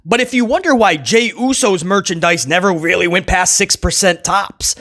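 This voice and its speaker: A man's voice: high-pitched, lively intonation, normal speed, fairly bright tone. A man giving sarcastic, mocking commentary as a wrestling show reviewer, laughing at his own jokes as he goes. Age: adult who was a kid in the late 1990s. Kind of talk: casual commentary.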